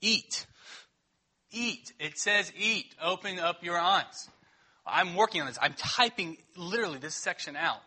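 Husky, bright-toned preaching man. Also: high-pitched, unhurried. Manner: conversational teaching, checking in with the congregation. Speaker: pastor. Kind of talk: sermon.

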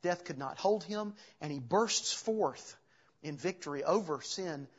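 A man's voice: fairly high pitch, animated, a little slow, slightly rough, dull audio. A man preaching a sermon, earnest, reading scripture aloud between his own explanations. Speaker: pastor.

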